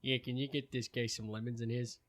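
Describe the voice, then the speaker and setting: A man's voice: medium pitch, little pitch movement, brisk. Male player at the table: dry, playful in-character joking. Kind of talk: tabletop role-play banter.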